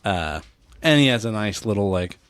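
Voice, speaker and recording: Man, young adult, podcast co-host; lowish pitch, dry recording; loose, laughing, interjecting chat. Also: expressive, moderate pace, fairly bright tone, smooth, dry recording. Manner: laughing, swearing, jumping in to finish thoughts. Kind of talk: casual chat.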